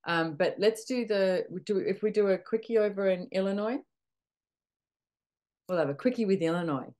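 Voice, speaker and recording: A middle-aged woman hosting a casual coaching talk, animated, acting out little dialogues and swearing freely. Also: medium pitch, normal speed. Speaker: podcast host and facilitator.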